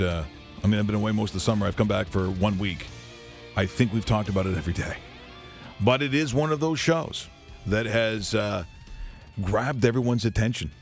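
A male radio host who interviews a guest in an eager, rambling way, with many restarts. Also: lowish voice. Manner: enthusiastic, rambling, lots of restarts.

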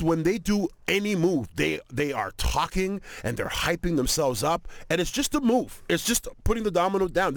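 A man, a stand-up comedian guest, telling a story in an animated way, laughing often and acting out bits of it. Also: a little high, dry recording. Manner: laughs often, acts out bits of his own stories. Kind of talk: animated storytelling on a talk show.

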